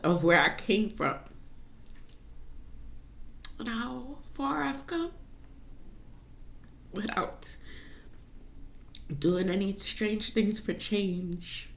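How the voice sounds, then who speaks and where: A woman's voice: mid-range voice, very slow, creaky, pauses often, a bit bright. A woman talking in a personal vlog, rambling and confessional, laughing to keep from crying. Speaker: vlogger.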